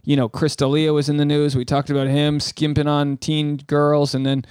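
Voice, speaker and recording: A man from New England co-hosting a casual podcast chat, rambling and animated, joking at his own expense. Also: on the high side, moderate pace, clear, resonant tone, no room sound, studio quality. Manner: rambling, animated, self-mocking. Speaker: podcast co-host. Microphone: studio microphone.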